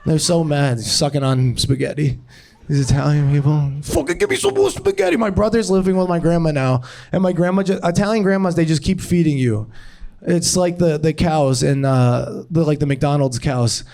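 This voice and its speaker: A young male comedian riffs off the top of his head on a club stage, rambling and breaking into giggles at his own ideas. His voice sits a little high for a man and comes through a handheld stage mic. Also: normal speed, creaky, darkish tone. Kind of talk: improvised stand-up.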